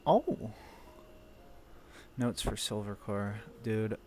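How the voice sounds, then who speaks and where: A man chatting casually to his stream between roleplay scenes. He is animated and profane and takes his time with his words. His voice sits in an ordinary middle pitch. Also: slow pace, slight background noise. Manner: animated, swears freely.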